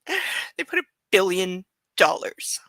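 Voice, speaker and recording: Woman host, sarcastic and rambling book-club chat; bright tone, dry close sound. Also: mid-range voice, very animated, slow pace, no echo, in a whisper, rough recording. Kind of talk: casual chat and reading aloud.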